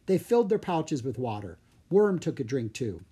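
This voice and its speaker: A narrator reading a children's chapter book with expressive storytelling. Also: mid-range voice, normal speed, breathy edge. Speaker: audiobook narrator.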